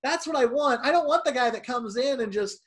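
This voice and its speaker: Animated man telling a work story. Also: very high-pitched, a little fast. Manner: animated storyteller who acts out quotes. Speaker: movie theater worker. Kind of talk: casual podcast chat.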